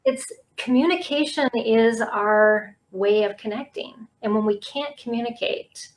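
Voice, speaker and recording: Woman, podcast host, casual interview, reflective, halting. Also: fairly high pitch, animated, rough recording. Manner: warm, reflective, many fillers and restarts.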